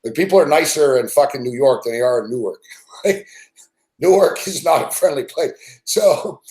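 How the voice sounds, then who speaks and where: A man's voice: medium pitch, animated, normal speed, a little mellow. A man hosting a sports betting show, rambling through a casual story full of swearing and fillers. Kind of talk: casual profane storytelling rant. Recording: roomy echo.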